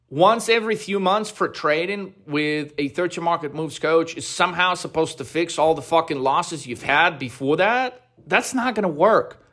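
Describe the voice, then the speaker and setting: A man coaching options traders in a profane, aggressive motivational rant, blunt and swearing constantly as he gets more heated. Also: sits high. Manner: grows louder and more heated.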